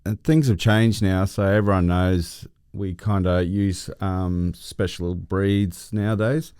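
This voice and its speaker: A man's voice: low voice, steady tone, slow, darkish tone, smooth, dry recording, studio quality. A man hosting a casual podcast interview, mostly offering short encouraging replies. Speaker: podcast host.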